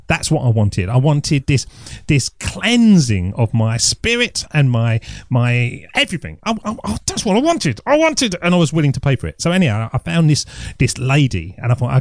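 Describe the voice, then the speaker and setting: A man's voice: mid-range voice, big pitch swings, normal speed, darkish tone, no room sound, studio quality. A middle-aged man, rambling through a jokey, self-mocking podcast story. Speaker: podcast host. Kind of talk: casual solo podcast monologue.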